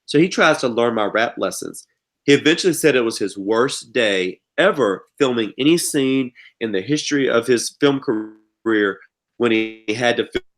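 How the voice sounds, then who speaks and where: A man's voice: medium pitch, moderate pace. A middle-aged man with an Eastern North Carolina accent, telling stories dramatically as a podcast guest. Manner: animated, dramatic storyteller. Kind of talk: casual storytelling chat.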